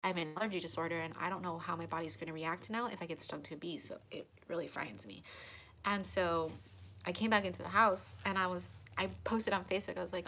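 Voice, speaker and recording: Woman vlogger, lowish voice, animated storyteller, faint hiss behind. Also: a little fast. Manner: animated, dramatic retelling with many fillers. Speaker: tarot channel host. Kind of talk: casual storytelling to viewers.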